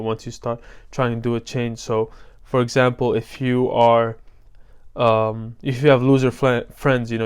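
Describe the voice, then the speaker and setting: A man's voice: mid-range voice, clear, resonant tone. A young man giving a casual motivational vlog talk as a self-improvement coach, loose and slangy, with lots of fillers.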